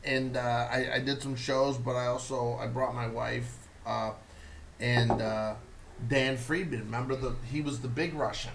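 A man's voice: medium pitch, fairly even intonation, a little slow, noisy background. A man hosting a casual chat, telling stories animatedly and laughing through his own impressions. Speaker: podcast host.

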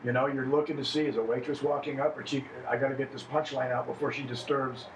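A man's voice: medium pitch, steady tone, quick pace, slight background noise. A man, a stand-up comedian, chatting casually with other comics, rambling and acting out lines he quotes. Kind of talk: casual chat among comedians. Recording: echoey room, mic at a distance.

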